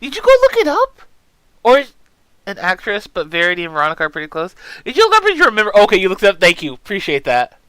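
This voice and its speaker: A game streamer whose voice swings all over the place as they banter through a story game, cursing casually and joking. The sound is smooth and clean. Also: mid-range voice, wildly swooping pitch, fast, pushed and bright, no room sound, poor audio. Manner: joking, swears casually, reacts aloud to the story; jokes about own bad British accent. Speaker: let's play streamer. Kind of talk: casual gameplay commentary.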